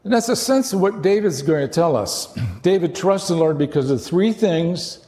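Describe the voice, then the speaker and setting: A man's voice: a little high, expressive, normal speed, warm tone, long reverb tail. A man preaching a sermon as pastor, earnest and emphatic.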